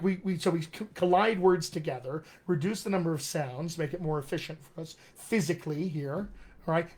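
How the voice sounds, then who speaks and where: A man coaching accents in a live online session, demonstrating sounds and reading viewer comments with eager energy. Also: sits high. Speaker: dialect coach.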